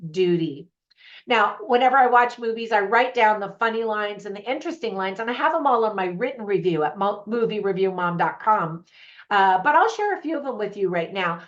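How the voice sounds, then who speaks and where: A woman hosting her own movie review channel, chatting to camera with opinionated, laughing asides. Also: medium pitch. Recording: slightly dull lo-fi audio.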